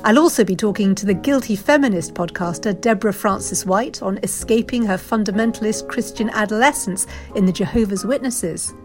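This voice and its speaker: A woman podcast host narrating a scripted trailer in a measured, inviting way. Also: medium pitch. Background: faint music.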